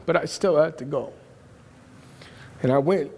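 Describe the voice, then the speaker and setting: A man's voice: on the high side, unhurried, creaky, mellow. A man preaching a sermon, telling a personal story in an earnest, emphatic way. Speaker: pastor. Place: church auditorium. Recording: long hall reverb.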